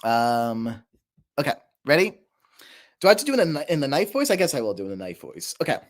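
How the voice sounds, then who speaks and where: A man's voice: mid-range voice, big pitch swings, fast talker. A young man chatting casually on a livestream, rambling and laughing at himself, his throat a little sore. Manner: rambling, laughing, self-deprecating. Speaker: streamer.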